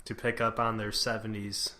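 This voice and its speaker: A man's voice: on the low side, level tone, moderate pace, sharp tone. A young man co-hosting a casual podcast, making wry, joking asides. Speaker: podcast co-host.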